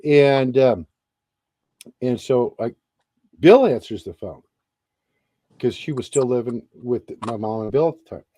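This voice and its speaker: A middle-aged man and Army veteran telling a story in a casual interview, animated and swearing freely. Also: medium pitch, unhurried, long pauses, no room sound.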